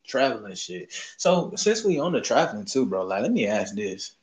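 Laid-back Southern man, lively pitch. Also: normal speed. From Southern United States. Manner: laid-back slangy banter, laughs often. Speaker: podcast host. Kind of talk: casual chat.

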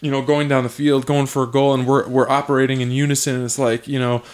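A man hosting a podcast, talking casually and reflectively, getting animated when he is excited. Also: mid-range voice, quick pace. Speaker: podcast host. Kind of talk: casual conversation.

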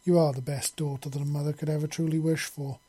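Man reading as a kind mother, gentle, earnest, slightly raised pitch, storybook. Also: little pitch movement, fast talker, a little hiss or hum, natural voice. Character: grown human woman, kind and earnest mother.

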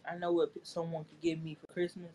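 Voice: mid-range voice, completely flat delivery, fast, warm tone, slight background noise. Laid-back blunt podcast co-host. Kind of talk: casual chat.

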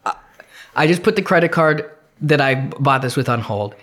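A man's voice: on the high side, expressive, moderate pace, fairly bright tone. Young man telling rambling stories. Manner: rambling, restarts, swears freely. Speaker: podcast co-host. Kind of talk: casual storytelling chat.

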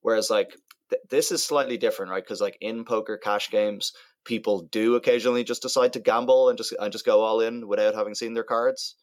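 Man with a lowish voice, casual. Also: steady tone, a little fast, no room sound. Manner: thoughtful, hedging with "like". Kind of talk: casual chat.

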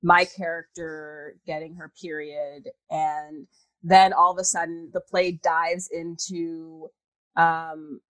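A woman actor being interviewed over a video call, an animated storyteller who laughs and slips into voices. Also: sits low, slow pace, no echo, low-quality recording. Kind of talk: casual interview chat.

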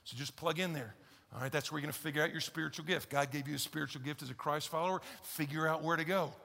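A male pastor preaching a conversational, emphatic sermon in a large church, swinging from loud to hushed. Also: a little high, steady tone, quick pace, vocal fry. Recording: long hall reverb in a church.

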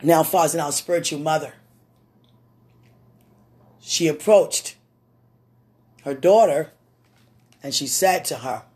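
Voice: mid-range voice, slow, long pauses, a little mellow. A prophetic minister speaking straight to a listener in a sermon podcast, emphatic and repeating key phrases. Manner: emphatic, repetitive, direct address.

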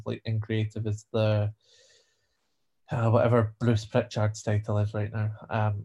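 A man's voice: on the low side, warm tone. Opinionated man co-hosting a podcast. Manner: opinionated, jokingly self-important. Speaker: podcast co-host. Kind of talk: casual podcast chat.

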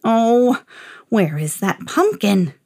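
A woman voicing a croaky, grumpy eight-hundred-year-old man who grumbles slowly and whines. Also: a little high, sing-song, mellow, exaggerated voice. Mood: whiny.

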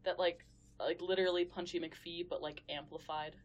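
A woman's voice: lowish voice, flat delivery, normal speed, lo-fi sound, a little hiss or hum. Blunt young woman telling crude stories. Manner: blunt, crude storyteller who acts out quotes. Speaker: podcast co-host. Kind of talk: casual chat.

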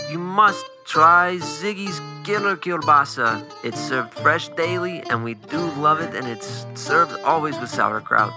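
A man's voice: fairly high pitch, gravelly, pitched above the performer's own voice, exaggerated voice. A man voicing an exuberant Polish restaurant owner in a mock radio commercial, with a put-on Polish accent and showy announcer delivery.

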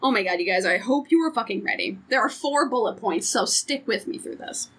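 Bright, high, lively podcast woman. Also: brisk, husky. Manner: frank, profane, joking. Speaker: podcast co-host. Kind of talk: casual chat.

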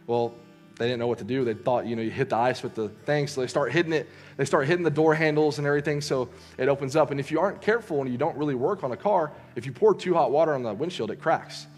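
Soft music plays faintly as a young youth preacher spins a story in a casual sermon. His delivery is loose and conversational, scattered with fillers and quick restarts, and his pitch sits squarely in the middle.

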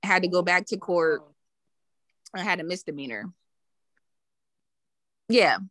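A woman spins a story in loose podcast banter, her tone bright and a little sharp. She laughs often and slips into the voices of the people she quotes. The sound is close and dry. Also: on the low side, expressive, measured pace, no echo. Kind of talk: casual storytelling.

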